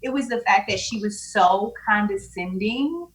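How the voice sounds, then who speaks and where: A woman guest chatting casually on a podcast, animated, acting out what others said. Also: medium pitch, normal speed, a little hiss or hum, low-quality recording. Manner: animated, quotes people in acted voices. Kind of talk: casual chat.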